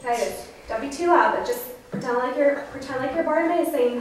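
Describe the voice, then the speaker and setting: A young woman student teacher telling a Bible story to first graders, animated, acting out voices and prompting the children. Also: high voice, brisk. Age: young adult. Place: school classroom. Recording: echoey room from far off with noise.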